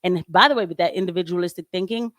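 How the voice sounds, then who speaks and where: A woman's voice: on the low side, fast, a bit bright, no room sound, studio quality. A woman doing casual, emphatic livestream commentary on a home microphone, talking animatedly and laughing often. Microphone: home microphone with audio trouble.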